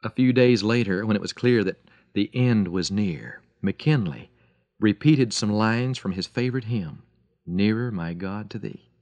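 A man giving a radio devotional, telling a story dramatically and slowing and softening his voice for emphasis. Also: on the low side, animated, dry recording. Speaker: radio preacher.

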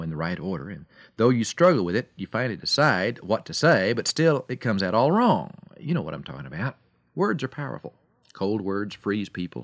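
A man giving a radio devotional talk as a preacher, telling stories dramatically and swinging between loud and soft delivery. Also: deep voice, no room sound.

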